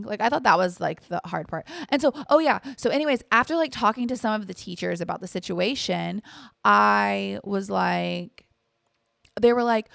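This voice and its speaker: Rambling young woman, gravelly and dry. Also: medium pitch, lively intonation, moderate pace, fairly bright tone, no room sound. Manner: rambling and candid, fillers and swearing. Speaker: podcast host. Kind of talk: casual chat, storytime.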